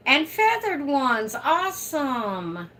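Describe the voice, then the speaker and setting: A woman livestreams from home, chatting casually and laughing often while reading out viewer comments. Her high voice is sing-song, bright and forceful, and she speaks at a slow pace.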